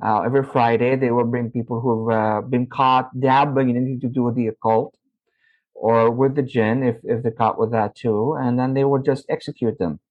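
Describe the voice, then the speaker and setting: A middle-aged man from Saudi Arabia, a podcast guest telling stories from his youth in an animated way. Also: medium pitch, moderate pace. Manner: animated, acts out his own past dialogue. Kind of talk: interview storytelling. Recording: slightly muffled audio.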